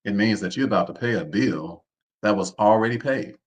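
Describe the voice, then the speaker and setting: A man's voice: on the low side, a little fast. A man hosting a live online seminar. He talks in an informal, preacher-like way, repeats his phrases and keeps calling on the listeners to respond. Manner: preacher-like, calls on the audience to respond. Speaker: host.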